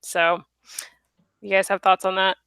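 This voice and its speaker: A woman's voice: mid-range voice, level tone, a little slow, creaky, fairly bright tone, smooth, dry recording. A woman hosting a live online chat show, talking casually with lots of fillers and giggles. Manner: chatty, giggly, many fillers. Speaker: host.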